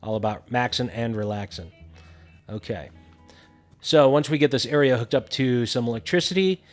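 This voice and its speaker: A man's voice: mid-range voice, animated, moderate pace, soft background music. A man casually narrating a building game tutorial, thinking aloud with frequent fillers.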